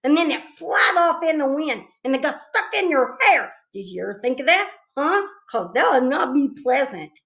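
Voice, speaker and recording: A woman puts on a chatty little schoolgirl, high and bouncing all over the place, eager and pushy in an earnest way. She sounds bubbly and a bit bossy. The recording is slightly dull and lo-fi. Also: big pitch swings, moderate pace, hardly any pauses, fairly bright tone, exaggerated voice. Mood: chirpy.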